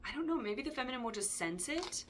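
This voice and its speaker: A woman's voice: high-pitched, lively intonation, quick pace, noisy background. A woman giving a casual tarot reading, chatty and digressive, with frequent ums and asides. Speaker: tarot reader.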